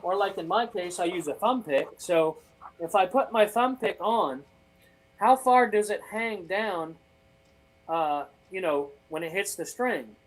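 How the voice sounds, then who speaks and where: A man from Maine whose accent has taken on a Southern drawl, a guest guitarist talking folksy and animated in a casual interview. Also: sits high, unhurried, low-quality recording. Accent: Southern drawl over a Maine accent. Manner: folksy and animated, calls people brother and man.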